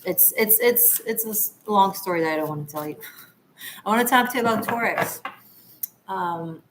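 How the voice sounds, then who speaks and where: A woman's voice: medium pitch, normal speed, noisy background. A woman from Israel hosting a tarot livestream, chatting casually with viewers in a rambling, laughing way. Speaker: tarot reader and livestream host.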